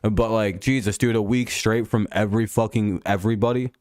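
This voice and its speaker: Low-voiced streamer ranting, crisp dry sound. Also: male voice, fairly even intonation, fairly quick, a little mellow, dry recording. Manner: irritated ranting, swears a lot. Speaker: live stream host. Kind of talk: casual live-stream chat over a football game.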